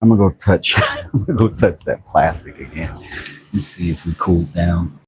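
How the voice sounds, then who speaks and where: A man's voice: low voice, big pitch swings, normal speed, breathy edge, poor audio. A man hosting a laid-back livestream, chatting and greeting viewers. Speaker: livestream host. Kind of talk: casual livestream chat.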